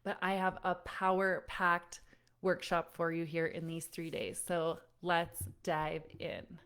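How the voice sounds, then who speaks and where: A woman's voice: on the low side, level tone, slow, a bit bright, clean tone. A woman parenting coach giving a live online workshop. She speaks straight to her listeners and calls them friends, telling stories conversationally with frequent "like"s.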